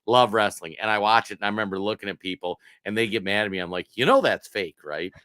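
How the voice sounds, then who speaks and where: A fairly low-pitched man with a bright, forceful tone, co-hosting a casual political talk show. He tells stories animatedly and acts out other people's quotes, recorded close and dry. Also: fairly even intonation, fast talker, clear, resonant tone, no echo. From Minnesota. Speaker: co-host.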